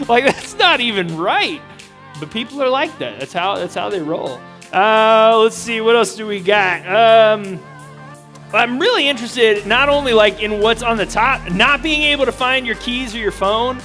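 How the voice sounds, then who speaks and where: High-voiced, animated young man. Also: a little slow, faint music behind. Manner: animated, joking, talks to a live room. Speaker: youth pastor. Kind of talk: energetic audience interaction.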